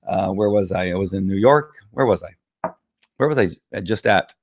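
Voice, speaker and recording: A man streaming live from home, talking casually to viewers with a hoarse, tired voice, rambling with many fillers and throat clearing. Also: sits low, moderate pace, dry recording, studio quality. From Southern California. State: hoarse, losing his voice. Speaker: live stream host selling wellness products. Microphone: computer or phone camera.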